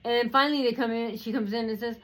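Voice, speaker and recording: A woman's voice: on the high side, steady tone, fast talker, fairly bright tone, poor audio. A woman telling a personal story in a rambling way, with many fillers and restarts.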